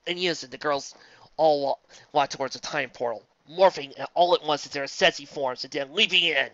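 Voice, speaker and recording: A bright, forceful voice reads a fanfic aloud and keeps breaking off into sarcastic, exasperated rants. The recording sounds a little dull and lo-fi, and the room is dry and close. The reader is from the Southern United States. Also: medium pitch, fairly quick, dry recording. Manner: sarcastic, exasperated, jumps between reading and ranting. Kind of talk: comedic reading with sarcastic asides.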